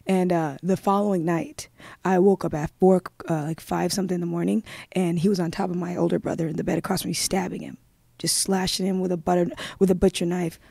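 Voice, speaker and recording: A woman's voice: fairly low pitch, flat delivery, fairly quick, vocal fry, mellow, no echo. A woman, a guest in a live-streamed interview, telling her own story in a subdued, earnest way.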